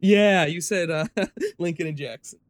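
A man's voice: fairly high pitch, moderate pace, slight background noise. A man hosting a podcast, chatting casually and laughing easily. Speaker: podcast host. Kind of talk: casual chat.

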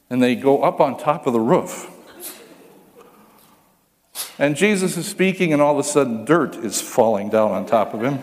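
Man preaching, mid-pitched voice, animated storyteller, long hall reverb. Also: a little fast, few pauses. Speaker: pastor. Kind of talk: sermon.

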